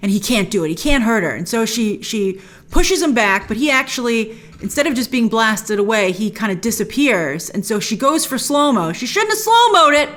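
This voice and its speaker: A woman's voice: a little high, animated, moderate pace, fairly bright tone. A woman hosting a TV episode recap, talking with gushing enthusiasm and retelling scenes in a chatty, casual way. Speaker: host.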